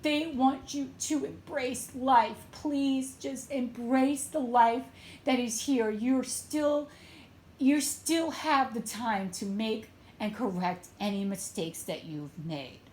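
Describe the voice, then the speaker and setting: A woman tarot reader and medium giving an emotional, tearful reading with a slow, pleading delivery. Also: sits high, a little mellow, roomy sound.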